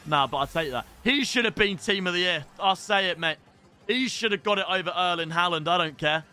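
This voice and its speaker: Excitable young streamer, high and bright, casual and sweary, quiet music in the background. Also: male voice, a little fast. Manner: excitable, shouts at pack pulls, swears. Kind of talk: casual live-stream chat.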